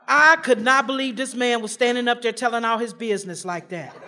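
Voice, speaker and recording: A woman telling her personal recovery story to an audience, in an animated and humorous storytelling manner with dramatic pauses. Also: a little high, a little hiss or hum. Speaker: recovery meeting speaker.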